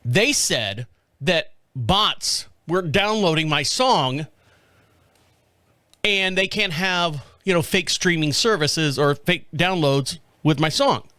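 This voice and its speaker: A man's voice: a little high, lively intonation, slow, pushed and bright, clear, resonant tone, no room sound, studio quality. A man hosting his own podcast, telling a story in a rambling, profane, chuckling way. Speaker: podcast host. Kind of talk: casual solo monologue.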